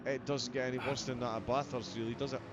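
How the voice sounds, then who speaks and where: A man's voice: mid-range voice, little pitch movement, quick pace, music in the background. A man commentating on a sim racing event in a chatty, self-deprecating, jokey way. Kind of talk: race commentary. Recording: slightly dull audio with background noise.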